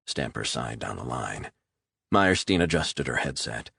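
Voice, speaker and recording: A man reading a thriller audiobook as narrator, steady and measured. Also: very deep voice, gravelly, slightly rough, dry recording, clean studio sound. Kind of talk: scripted narration.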